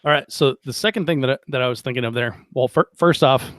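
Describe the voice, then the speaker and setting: A man hosting a casual podcast interview, relaxed and chatty, reading out listener comments and asking long questions. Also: medium pitch, quick pace, no echo. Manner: relaxed, chatty, reads live chat aloud. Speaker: podcast host.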